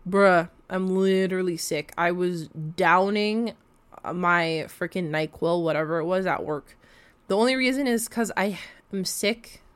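Exasperated young woman ranting casually. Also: on the low side. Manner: animated, exasperated, swears freely, many likes and fillers. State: recovering from a cold. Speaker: vlogger. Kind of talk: casual storytime rant.

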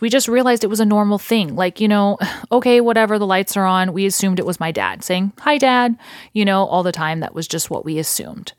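A woman's voice: lowish voice, dry recording, clean studio sound. A woman hosting a podcast, casually telling a ghost story in a rambling way with lots of fillers and restarts. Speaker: podcast host.

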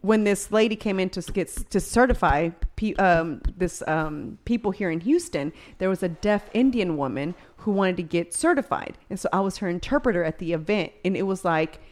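A woman co-hosting a casual podcast chat, telling stories in lively bursts full of quoted dialogue. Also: on the low side. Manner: animated storyteller, quick bursts of quoted dialogue. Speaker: podcast co-host.

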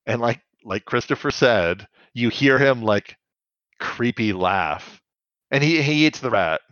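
A man's voice: medium pitch, lively intonation, measured pace, fairly bright tone, dry recording, dull audio. A man co-hosting a casual podcast, chatty and laughing a lot, swearing offhand. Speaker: podcast co-host. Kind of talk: casual recap chat.

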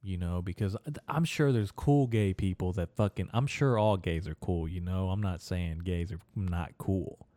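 A man's voice: low voice, normal speed, hardly any pauses, dark tone, dry recording, clean studio sound. A young man hosting his own podcast, rambling crudely and profanely through a casual solo monologue and laughing at his own jokes. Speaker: podcast host.

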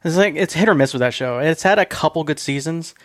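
A man's voice: fairly high pitch, animated, fast, no echo. Dry-sounding man, casual podcast chat. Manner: rambling, laughs often. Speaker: podcast co-host.

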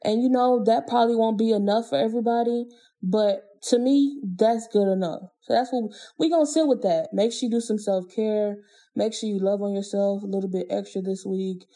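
Mellow, even-toned woman podcast host. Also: mid-range voice, normal speed. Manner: earnest, motivational, slangy. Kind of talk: reflective solo podcast talk.

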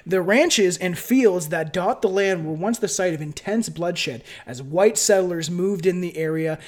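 A man from Canada with a high, light voice chats loosely on a podcast. He is profane and relaxed, often laughing as he stumbles through his script, recorded on a home mic setup at a friend's place. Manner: casual and profane, laughs while reading notes. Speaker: podcast host. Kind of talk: casual podcast chat with scripted reading. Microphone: different home mic setup.

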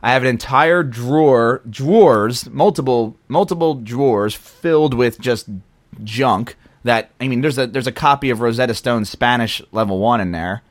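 A young man from the Philadelphia area co-hosts a podcast, his casual chat rambling and easygoing as he often stops and restarts sentences. His voice is medium-pitched at a moderate pace, with no echo.

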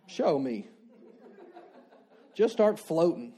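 A male pastor delivers a sermon in a relaxed, talky way. His voice sits a little high but stays soft and mellow. He keeps asking the congregation questions and restating his main points. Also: a little slow, breathy edge, muffled recording. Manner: conversational preaching with rhetorical questions and repeated declarations.

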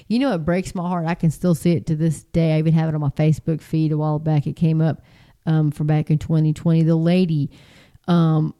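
A middle-aged woman talking casually to her viewers, chatty and animated, jumping into high mocking voices. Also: smooth. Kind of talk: casual spoken monologue.

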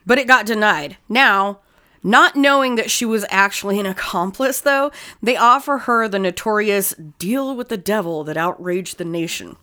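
A woman's voice: mid-range voice, normal speed, pushed and bright. A woman co-hosting a casual true-crime podcast. She swears freely and drops dry, sarcastic asides while she recounts the case. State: sore tooth. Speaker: podcast co-host.

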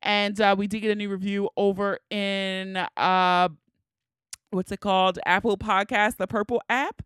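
A woman's voice: medium pitch, level tone, measured pace, a bit bright, clear, resonant tone, no echo, studio quality. A woman with a Baltimore accent hosting her podcast, chatty and frank, laughing often. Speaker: podcast host. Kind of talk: casual podcast chat.

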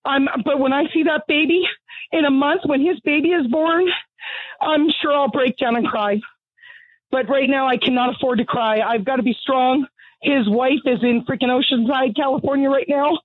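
A woman's voice: sits high, steady tone, normal speed, no echo. A middle-aged woman calling in to a radio show, angry and blunt, out of breath from pacing. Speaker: caller. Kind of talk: call-in radio conversation. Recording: tinny phone line.

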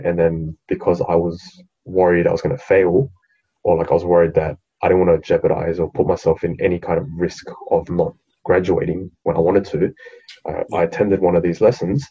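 Deep, steady and a little fast, this young Australian co-host's voice has a dark tone with a breathy edge, captured in lo-fi sound. He rambles through a story on the podcast, cursing freely and making fun of whoever he quotes.

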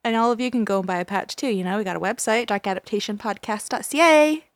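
A woman co-hosting a podcast in casual chat, excitable and gushing, laughing often. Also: mid-range voice, fast talker, no room sound. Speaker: podcast co-host.

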